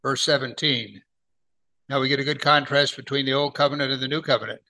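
In a mid-range voice with fairly even intonation and a bright, forceful tone, a middle-aged man teaches scripture verse by verse. He talks conversationally, asks rhetorical questions, and reads the Bible passages aloud much more slowly.

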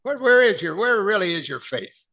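Gravelly, bright-voiced man teaching scripture. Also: high-pitched, very animated. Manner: conversational, asks the listeners rhetorical questions; slows right down to read scripture aloud. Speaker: preacher. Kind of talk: verse-by-verse Bible teaching.

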